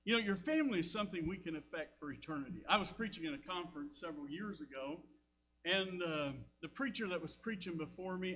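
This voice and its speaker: Older Southern pastor, rambling homey sermon style, noisy humming recording. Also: male voice, a little high, fairly bright tone. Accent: Southern American. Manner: folksy storytelling with asides. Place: church sanctuary.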